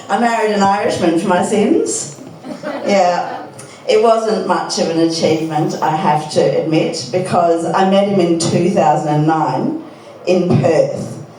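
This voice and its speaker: A woman's voice: deep voice, dark tone, very echoey, recorded from a distance, a little hiss or hum, rough recording. A middle-aged woman with an Australian accent doing a stand-up comedy set, telling dry, self-deprecating stories and bantering with the audience. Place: pub comedy gig.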